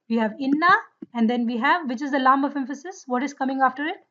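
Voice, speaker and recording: A woman's voice: sits high, fast, pushed and bright, lo-fi sound, slight background noise. A woman teaching a Quranic Arabic grammar class online, explaining rules and quizzing her students. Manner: encouraging, quizzes students, recites Arabic verses.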